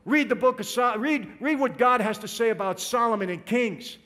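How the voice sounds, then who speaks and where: High-voiced man giving a fervent testimony. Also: moderate pace, sharp tone. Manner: emotional, direct, addresses listeners as "people". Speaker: speaker giving a personal testimony. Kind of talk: impassioned religious testimony to an audience.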